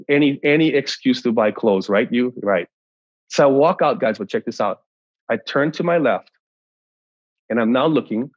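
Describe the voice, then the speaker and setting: A middle-aged pastor from Hawaii giving a leadership talk, telling a story in an animated way and acting out the dialogue. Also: male voice, medium pitch, breathy edge, no echo. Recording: slightly muffled dry sound.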